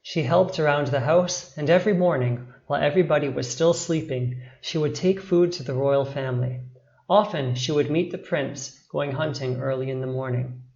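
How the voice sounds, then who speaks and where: Guy reading a bedtime story, slow and dramatic, echoey room, bit muffled. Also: a little high, vocal fry, darkish tone. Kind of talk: scripted bedtime story narration.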